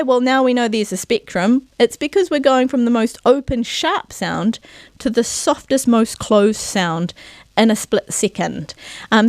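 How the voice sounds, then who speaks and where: A woman presenting a televised pronunciation lesson, sounding out vowels slowly and carefully and checking in with her viewers. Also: a little high, a little mellow, no echo. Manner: encouraging, asks "yeah?" to check in. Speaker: Māori language presenter.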